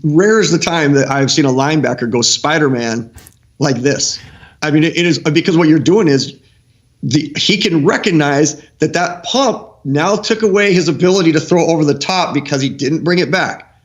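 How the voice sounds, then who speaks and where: A middle-aged male football coach breaking down game film on a live stream show, animated and excitable, often restarting his sentences. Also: a little high, moderate pace, highs cut off. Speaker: football coach, guest analyst.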